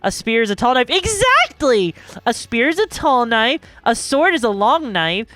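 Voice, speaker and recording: A woman with a fairly high, expressive voice speaks at a normal speed in a fairly bright tone, with no room sound. She's live-streaming, bubbly and chatty, rambling off into asides as she talks loosely to her chat. It's a dry close-mic recording with faint music behind her.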